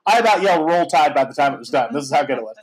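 A man in his thirties hosting a casual chat, telling a story in a lively, animated way with lots of fillers and some swearing. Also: mid-range voice, racing, low-quality recording. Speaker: podcast host.

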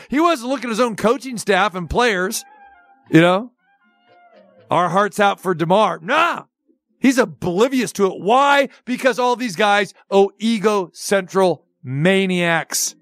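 A man hosting sports talk radio, ranting in an animated, mocking, incredulous way. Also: high-pitched, no echo.

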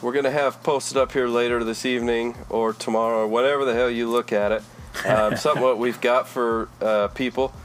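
A man's voice: medium pitch, brisk, faint music behind. A man co-hosting a podcast, telling anecdotes and wrapping up the show in casual chat. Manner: relaxed storyteller, signs off the show. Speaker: podcast co-host.

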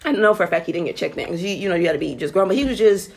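A woman's voice: fairly low pitch, racing. A young woman who works the night desk at a hotel, telling a story in casual, profane chat and acting out quotes with bursts of laughter. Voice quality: profane, animated retelling with acted quotes and laughter. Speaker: night-shift hotel front desk worker.

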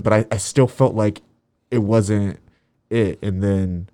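A man in his twenties chatting as a guest, an animated storyteller who trails off softly at the ends of thoughts. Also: lowish voice, slow, no room sound. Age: 20s. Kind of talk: casual faith chat.

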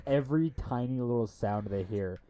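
Young adult man, casual co-host, mellow tone, animated storyteller who impersonates people. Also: moderate pace, rough recording. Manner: animated storytelling, acts out quoted people in a high voice. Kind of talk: casual podcast chat.

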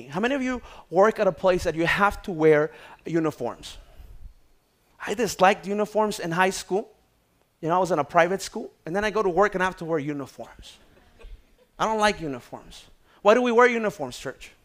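A man preaching a sermon, moving from hushed prayerful tones to loud exhortation and calling out to his congregation. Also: sits high. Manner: calls out to the congregation for response. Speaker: pastor.

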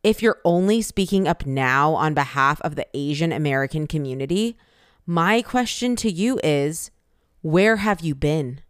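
A woman's voice: deep voice, lively intonation, unhurried, clear, resonant tone, no room sound, clean studio sound. A young Asian American woman giving an impassioned personal statement, emphatic and pointed, with insistent repeated phrases.

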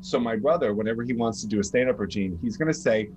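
A man, an astrologer guest, talking casually and profanely in quick animated bursts from a bedroom over a call. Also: on the low side. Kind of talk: casual podcast chat. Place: grandmother's house bedroom.

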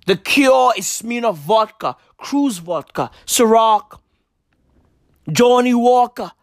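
A woman's voice: a little high, no room sound, clean studio sound. A woman from South Africa delivering a sarcastic comedic rant, mock-serious, full of street slang and swearing.

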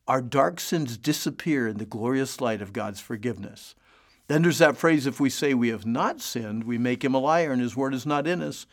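Gravelly-voiced man teaching the Bible. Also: fairly high pitch. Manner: earnest, preacherly, builds repeated phrases.

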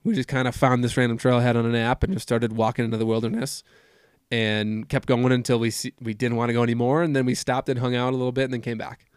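A man's voice: mid-range voice, little pitch movement, fast, clean tone, dry recording, clean studio sound. Easygoing young man hosting a podcast. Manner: easygoing, laughs often, leads the talk. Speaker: podcast host. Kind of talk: casual chat.

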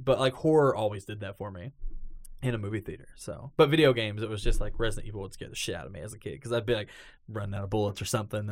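A man hosting a casual chat, telling stories with lots of swearing and acted-out quotes. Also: fairly low pitch. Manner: animated storyteller, swears freely, acts out quotes. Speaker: podcast host.

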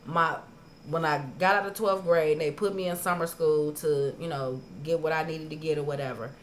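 A woman on a podcast telling stories in casual chat, profane and animated, acting out her own past arguments. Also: low-pitched, normal speed, a little hiss or hum. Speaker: podcast co-host.

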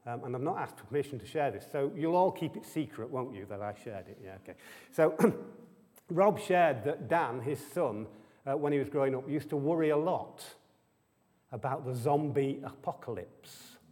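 A man's voice: mid-range voice, expressive, normal speed, a little mellow. Man preaching in a reverberant hall. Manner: conversational, keeps asking the audience rhetorical questions; humorous asides. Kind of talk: sermon. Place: church hall with an audience.

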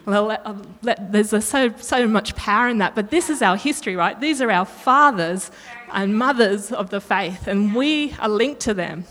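A woman's voice: medium pitch, moderate pace, few pauses, a bit bright. Woman preacher, conversational sermon, checks in with the room, long hall reverb. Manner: chatty, self-correcting, asks the room questions.

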